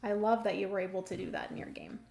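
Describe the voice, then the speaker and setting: A woman hosting a casual board game livestream, chatty and filling pauses with hums and ums. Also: mid-range voice, fairly even intonation, vocal fry, a little mellow.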